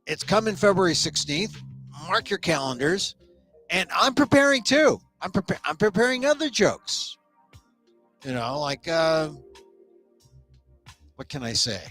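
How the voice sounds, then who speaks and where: A middle-aged man from the United States hosting a small talk show, delivering a sarcastic comedic monologue with quick restarts. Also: high-pitched, big pitch swings, fairly bright tone, soft background music. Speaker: host.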